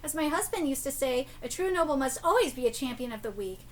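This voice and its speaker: A woman reading aloud as a gracious widowed noblewoman who does charity work, in a soft and sad manner. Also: high-pitched, lively intonation, quick pace, slight background noise. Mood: sorrowful.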